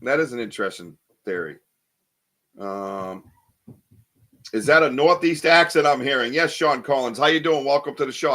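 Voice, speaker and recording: Bright-voiced rambling podcast host, a man. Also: medium pitch, moderate pace. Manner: rambling, chatty, many fillers and restarts. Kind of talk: casual live-stream chat, reading viewer comments.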